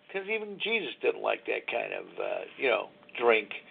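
A man's voice: mid-range voice, sing-song, normal speed, gravelly. A man in his sixties hosting a recovery talk show, rambling and confessional, chuckling as he goes. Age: 60s. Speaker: radio show host. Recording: tinny phone-line sound.

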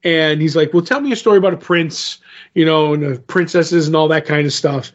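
A podcast co-host, a man with a somewhat high-pitched voice, talks through a comic book plot in a loose, rambling way. He keeps slipping into the characters' lines with "he's like" and "she's like." The recording sounds dull and lo-fi. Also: a little fast. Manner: rambling retelling, acts out quotes with "he's like". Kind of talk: casual comic book recap.

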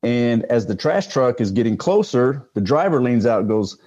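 A man's voice: mid-range voice, big pitch swings, normal speed, warm tone, muffled recording. An older man, a retired police sergeant, telling stories in a casual interview, rambling with many fillers and restarts.

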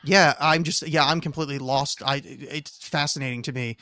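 A man in his thirties hosting a casual podcast chat, rambling and animated, trailing off mid-sentence and swearing now and then. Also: on the high side, moderate pace, no echo. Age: 30s. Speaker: podcast host.

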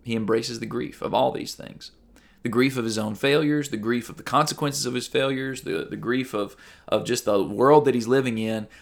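A man preaching a sermon in a gravelly, mid-range voice. He talks to his listeners earnestly and conversationally. Now and then he reads Bible verses aloud or mimics the voices of ordinary people. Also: mid-range voice, fairly even intonation, moderate pace. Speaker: pastor.

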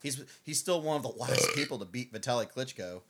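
A man's voice: medium pitch, lively intonation, a little fast, crowd noise. Podcast co-host, male, rambling, word-searching, casual banter. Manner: rambling, searches for words with many ums. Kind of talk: casual chat.

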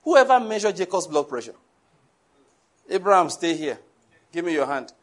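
A male preacher, delivering a lively sermon and asking his congregation questions. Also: a little high, moderate pace. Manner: animated, rises to shouts, asks the congregation questions.

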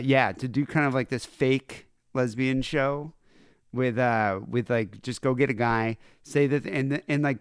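A man's voice: medium pitch, dry recording, clean studio sound. A man hosting a podcast, chatting loosely and crudely with a lot of hesitation. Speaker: podcast host. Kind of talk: casual podcast chat.

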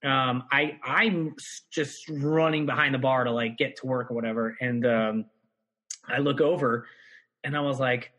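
Husky man telling a wild story. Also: normal speed. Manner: animated storyteller, swearing, jumps high for quoted voices. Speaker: guest comedian telling a story. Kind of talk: casual podcast storytelling.

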